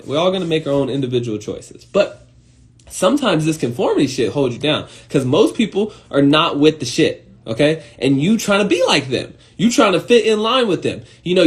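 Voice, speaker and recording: Animated, profane man ranting casually. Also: a little high. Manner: profane, animated, emphatic, talks to viewers directly. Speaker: host of an Instagram live talk. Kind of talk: casual motivational rant. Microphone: phone.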